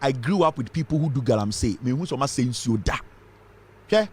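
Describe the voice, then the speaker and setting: A man's voice: mid-range voice, animated, a little fast, darkish tone, husky. A man from Ghana with a Ghanaian accent, giving fiery political commentary full of rhetorical questions. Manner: fiery, rhetorical questions, mixes English and Twi.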